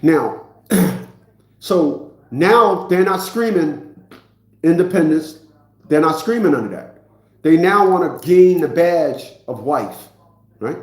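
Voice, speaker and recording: A man's voice: on the high side, animated, slow, long pauses, echoey room. A man in his fifties ranting in a preachy, profane monologue, often repeating himself. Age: 50s. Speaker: vlogger.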